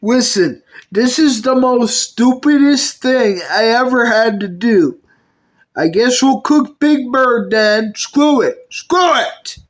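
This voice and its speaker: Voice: mid-range voice, slow. A puppet video maker performing every character in a comedy skit, switching between bickering character voices.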